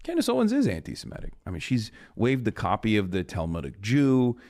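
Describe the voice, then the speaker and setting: A man's voice: lowish voice, wildly swooping pitch, fairly quick, background noise. A man in a played commentary clip, arguing his point emphatically. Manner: emphatic, argumentative.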